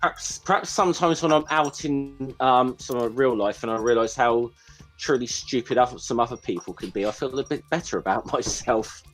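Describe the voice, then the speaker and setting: A man's voice: medium pitch, brisk, a bit bright, soft background music, poor audio. A man with an English working-class accent, a guest on a casual video-call hangout, rambling and self-deprecating and swearing freely. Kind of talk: casual online chat.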